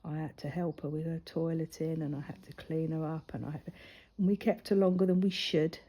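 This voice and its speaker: Woman, older, warm mellow tone, chatty rambling storyteller, soft near-whisper drops. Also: low voice, level tone, brisk. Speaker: crafting vlogger. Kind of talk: casual storytelling while colouring.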